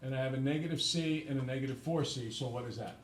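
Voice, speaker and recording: A man's voice: medium pitch, quick pace, a little hiss or hum. A man who teaches math, lecturing his class and then working through problems with his students.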